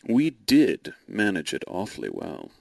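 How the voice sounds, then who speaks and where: A man's voice: low voice, huge pitch swings, a little slow, vocal fry, darkish tone, dry recording, heavily acted. A man playing a breezy scheming knight. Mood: brisk, plotting.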